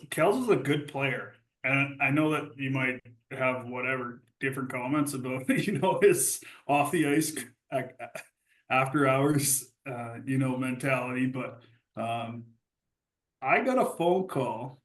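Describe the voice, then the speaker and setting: A man's voice: mid-range voice, animated, takes it slowly, a bit bright, roomy sound, low-quality recording. A man telling old hockey stories in casual podcast chat, laughing often and acting out quotes. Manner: laughing storyteller, acts out quotes. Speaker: podcast host.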